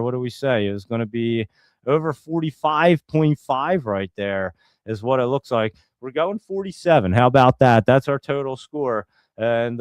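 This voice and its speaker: A man's voice: medium pitch, a little mellow, clean tone, no room sound, clean studio sound. A young man hosting a casual livestream, rambling and thinking aloud as he talks to viewers. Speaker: host.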